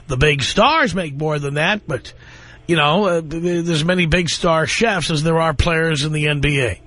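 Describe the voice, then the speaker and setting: A man's voice: a little high, normal speed, fairly bright tone. A middle-aged man hosting a call-in radio talk show, blunt and lecturing, with dry sarcasm toward callers.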